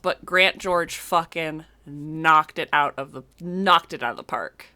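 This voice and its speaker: A young woman gives casual, effusive commentary while she plays a game, her voice sitting a little low yet sounding bright and forceful. She talks in loose runs, with fillers and restarts. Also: unhurried. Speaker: streamer playing a video game.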